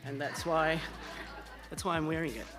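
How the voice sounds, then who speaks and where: A middle-aged man introducing his songs on stage, nervous and self-deprecating, with quick asides. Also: a little high, long reverb tail, over a noisy crowd. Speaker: singer-songwriter. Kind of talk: stage patter between songs.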